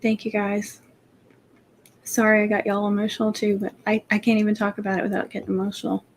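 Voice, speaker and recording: Woman, mid-pitch, soft rambling chatter, faint noise behind; craft livestream host. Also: completely flat delivery, quick pace, low-quality recording. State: emotional, near tears. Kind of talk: casual livestream chat.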